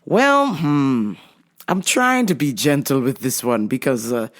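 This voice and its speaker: A woman's voice: very deep voice, big pitch swings, a little slow. A woman hosting a casual monologue, blunt and profane, laughing often as she talks. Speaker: host.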